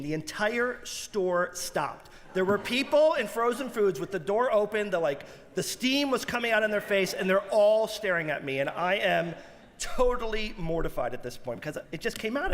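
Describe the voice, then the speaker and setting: A man giving a holiday sermon as a rabbi, an animated storyteller who acts out quoted outbursts in his stories. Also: high-pitched, normal speed. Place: large synagogue sanctuary. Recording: reverberant sanctuary.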